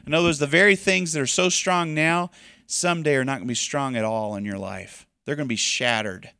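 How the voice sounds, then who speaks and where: Man, pastor, sermon, emphatic, loud-soft swings, dry room. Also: medium pitch, fairly quick, clean tone, no room sound. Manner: emphatic, swings between loud urging and quiet softness.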